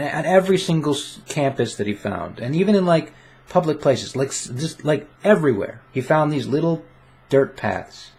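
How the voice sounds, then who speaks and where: A man's voice: mid-range voice, darkish tone. A young man vlogging casually into a desk condenser microphone in front of his webcam, playful and self-mocking, rambling with restarts. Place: home room with webcam. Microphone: desk condenser mic.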